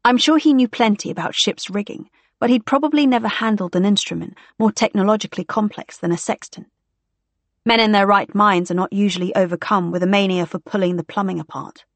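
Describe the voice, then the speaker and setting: A woman's voice: mid-range voice, a little fast, no echo. A woman narrating a story in the first person, in a wry, dry storytelling manner. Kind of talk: audiobook narration.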